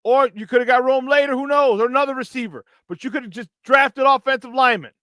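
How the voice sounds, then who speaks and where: Male sports talk host, high-pitched, dry studio mic, angry rant with mocking asides. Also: fast, pushed and bright, no room sound. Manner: frustrated, profane, mocking impressions.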